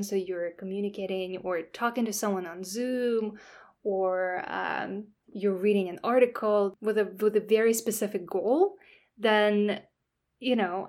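A woman who is a native Russian speaker, a podcast guest explaining language and the brain in a relaxed way, with many "you know" fillers. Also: medium pitch. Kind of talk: casual podcast interview.

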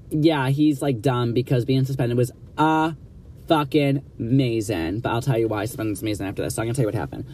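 A man's voice: mid-range voice, darkish tone, a little hiss or hum. Blunt, profane young man telling a story. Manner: blunt, profane, gossipy, acts out quoted dialogue. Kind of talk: casual storytime monologue.

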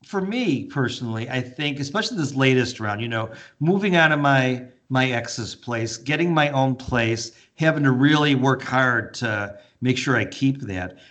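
A man's voice: mid-range voice, expressive, normal speed, hardly any pauses, a bit bright. A man co-hosting a podcast in casual chat, candid and reflective, swearing casually. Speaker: podcast co-host.

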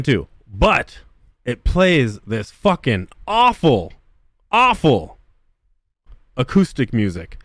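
A man's voice: fairly high pitch, dry recording, studio quality. A man hosting a casual podcast, ranting about a game with constant profanity and mockery. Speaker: podcast host. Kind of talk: crude casual podcast chat.

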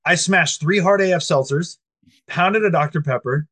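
Foul-mouthed man in a relaxed chat, spinning a story with lots of life and acting out every quoted line. His voice sits a bit higher than most men's. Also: normal speed. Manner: animated, profane storyteller who acts out quoted speech. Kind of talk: casual chat.

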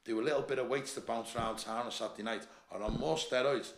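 A man with a thick Liverpool accent tells his stories in a rough, animated way and swears freely. He is a guest on a casual podcast. His voice sits in a mid range and carries the echo of a roomy space. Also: medium pitch, fast. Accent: Liverpool (Scouse). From Liverpool, England. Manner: animated anecdotes, heavy swearing, lots of "mate" and "lad". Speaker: podcast guest, bodybuilder and gym owner. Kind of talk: casual chat, storytelling.

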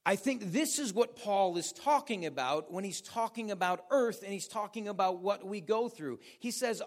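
An American man, a pastor, preaching a sermon with animated storytelling and questions for the audience. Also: high voice, moderate pace, hardly any pauses. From United States.

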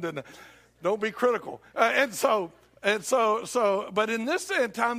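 A man preaches in a church, and his voice sits high. He tells folksy stories and jokes easily with the congregation between scripture readings. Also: a bit bright. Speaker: pastor. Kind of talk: sermon.

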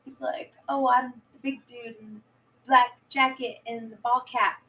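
A woman's voice: fairly high pitch, fairly even intonation, unhurried, fairly bright tone, far from the mic, rough recording. Rambling woman recapping a movie, off-mic. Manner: rambling, filler-heavy retelling, acting out quotes. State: high. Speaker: podcast co-host. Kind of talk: casual movie recap chat.

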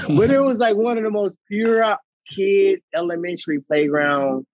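A pro fighter in his thirties, guesting on a casual chat show, tells animated stories, acting out quotes and laughing often. His voice sits high at normal speed, and the sound is lo-fi with no echo.

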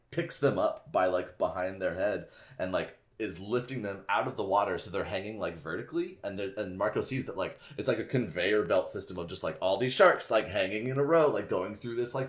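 A man with a low-pitched voice recaps a story in loose, rambling fashion, leaning on "like" constantly. He drops casual swears and slips into quick impressions of the characters as he goes. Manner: rambling, heavy use of "like", swears casually, acts out characters' lines. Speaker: podcast host recapping a book.

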